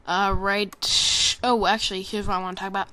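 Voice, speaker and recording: A person giving casual, rambling commentary over a game trailer, joking and swearing, with constant fillers and restarts. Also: female voice, mid-range voice, flat delivery, moderate pace, bright, forceful tone, smooth. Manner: rambling and jokey, with frequent swearing; self-interrupting, with many fillers and restarts.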